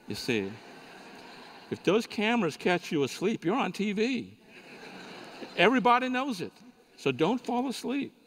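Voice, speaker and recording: A man giving a sermon at a conference, telling a folksy joking story to the audience. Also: a little high. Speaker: conference speaker. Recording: reverberant hall recording.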